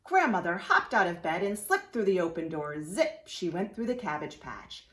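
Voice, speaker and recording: A woman's voice: on the low side, normal speed, roomy sound. A woman preschool teacher reading a storybook aloud to young children, inviting them to join in. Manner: animated, asks children to join in.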